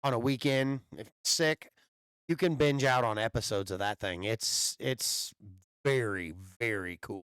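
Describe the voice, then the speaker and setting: A man co-hosting a casual podcast, telling animated stories and teasing his friend with frequent laughs. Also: mid-range voice, measured pace, smooth, no room sound, clean studio sound. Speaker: podcast co-host. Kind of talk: casual chat. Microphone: new podcast microphone.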